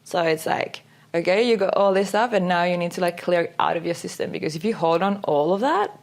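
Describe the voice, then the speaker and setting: A woman's voice: fairly low pitch, brisk, vocal fry. A young adult woman in casual podcast chat, talking in a chatty way full of "like" fillers. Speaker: podcast co-host.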